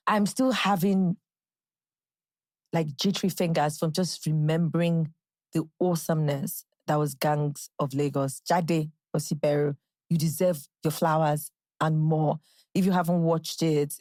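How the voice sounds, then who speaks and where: A chatty Nigerian woman hosts a casual solo podcast in a low, darkish voice with no echo. She's bubbly and keeps slipping into playful quotes and impressions.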